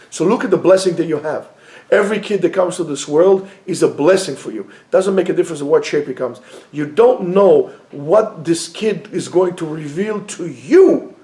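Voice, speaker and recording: A man teaching a lively Torah class to students, joking and mixing in Hebrew phrases. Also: a little high, echoey room.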